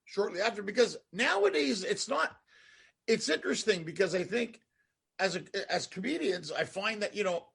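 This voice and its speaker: A male host with a high voice and a gravelly, husky edge, chatting casually with his guest. He tells stories in a rambling, animated way, piling up restarts and asides. The tone stays loose and conversational throughout. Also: moderate pace. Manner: rambling, animated storytelling with laughs. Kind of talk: casual interview chat.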